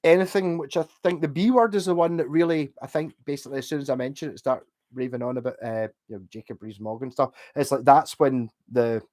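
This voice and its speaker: A man's voice: medium pitch, fast talker, hardly any pauses, darkish tone. Guy a bit drunk, rambling to his livestream chat, laughs a lot. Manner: rambling, chatty, laughs often. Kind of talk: casual livestream chat, reading out chat. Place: home, late at night.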